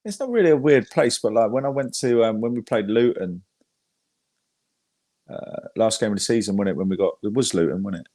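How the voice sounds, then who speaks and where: Guy, lowish voice, dry close sound, chatty and sweary guest storyteller. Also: expressive, brisk, warm tone, no room sound. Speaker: guest, football fan. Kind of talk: casual podcast chat.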